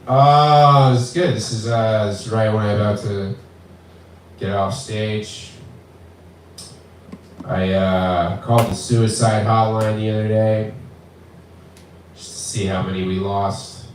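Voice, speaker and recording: A man's voice: on the low side, takes it slowly, long pauses, a little hiss or hum. A young man doing a crude, swearing stand-up set at an open mic in a small bar. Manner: crude, swearing, deadpan jokes with acted-out voices. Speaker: stand-up comic. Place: small bar with live audience. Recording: very echoey room from far off.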